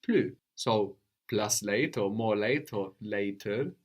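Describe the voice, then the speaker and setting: A man teaching a language lesson, patient and probing, often checking with a quick "no?". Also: lowish voice. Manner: patient, prompts with questions, tag "no?".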